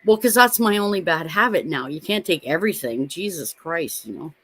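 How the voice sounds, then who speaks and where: A woman in her fifties co-hosting a live stream, telling stories in a blunt, animated way and swearing freely. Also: lowish voice, fairly quick, no room sound. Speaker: co-host of a live watch party stream. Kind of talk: casual chat.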